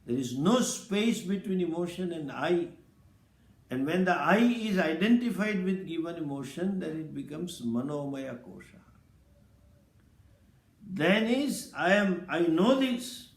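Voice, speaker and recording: A man giving a scripture lecture as a spiritual teacher, speaking slowly and deliberately and explaining Sanskrit terms. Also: on the high side, animated, echoey room.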